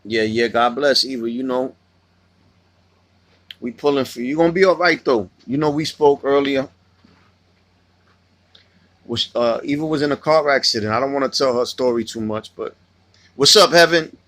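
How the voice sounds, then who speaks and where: A man hosting a laid-back livestream, talking in a loose, rambling way and swearing freely as he answers his chat. His pitch sits in an ordinary middle range. The sound is dry and close, with no room echo. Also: normal speed, pauses often, a bit bright. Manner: loose, profane, rambling storytelling. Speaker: livestream host reading chat.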